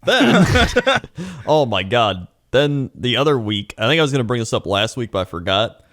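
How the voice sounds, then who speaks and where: A man's voice: mid-range voice, very animated, normal speed, a bit bright. A man co-hosting a comedy podcast, telling stories in a laid-back, dry way. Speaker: podcast co-host. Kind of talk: casual comedic chat.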